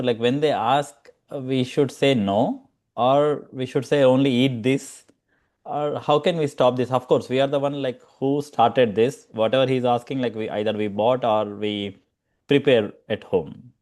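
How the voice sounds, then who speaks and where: Man, Hyderabad Indian English accent, parent asking a question over a call, halting. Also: mid-range voice, a little mellow. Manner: hesitant, many fillers. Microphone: video call.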